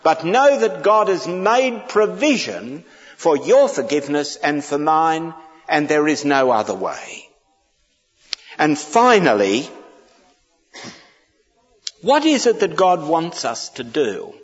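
A man delivers a sermon, mixing humorous anecdotes with emphatic, pleading repetition. His delivery is slow and lively in pitch. The sound is dull and lo-fi with a long hall reverb. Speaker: preacher.

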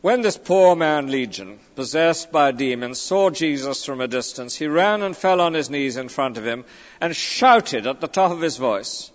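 A man's voice: fairly high pitch, animated, normal speed. A man preaching a sermon, emphatic, often tagging on rhetorical questions. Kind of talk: expository sermon. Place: large church. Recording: dull recording with long church reverb.

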